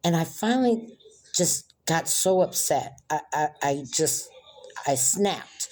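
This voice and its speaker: A woman telling a personal story in a soft, reflective way. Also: deep voice, lively intonation, takes it slowly.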